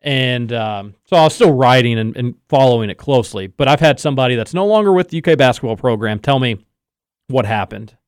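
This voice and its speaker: A man hosting a sports podcast, telling a story in a lively casual way and acting out the quotes. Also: medium pitch, fairly quick, smooth, no echo, clean studio sound. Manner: animated storyteller, acts out quotes. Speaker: podcast host.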